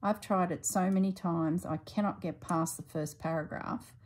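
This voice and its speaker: A middle-aged woman chatting casually while she stitches, thinking aloud and drifting into soft asides. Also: on the low side, steady tone, normal speed, rough recording. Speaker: slow-stitching vlogger.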